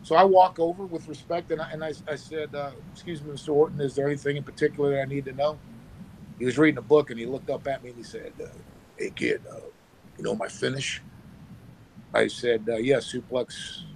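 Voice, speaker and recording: A former pro wrestler telling animated stories with sound effects, talking on his phone from work. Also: mid-range voice, fast talker, a little hiss or hum, rough recording. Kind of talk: casual storytelling.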